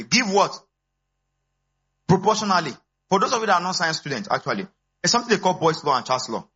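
An animated pastor in his thirties, a man with a bright, husky voice. His sermon jumps between quiet asides and high exclamations. The church recording sounds dull and lo-fi.

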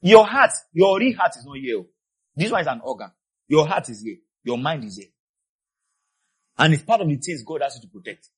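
A man preaching a sermon with passion. He swings between quiet asides and shouted peaks, and he repeats key phrases for emphasis. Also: fairly high pitch, sing-song, moderate pace, long pauses, breathy edge. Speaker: pastor.

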